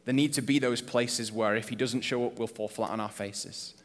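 A man's voice: medium pitch, steady tone, moderate pace. Man preaching in an echoing hall. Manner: conversational, earnest, rhetorical questions. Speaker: pastor. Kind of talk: sermon. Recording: long reverb of a church hall.

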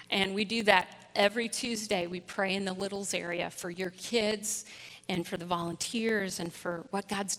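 A woman's voice: medium pitch, pushed and bright. A woman giving a sermon, telling a personal story in an earnest way and leading her congregation in prayer. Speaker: preacher. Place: church hall. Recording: long hall reverb.

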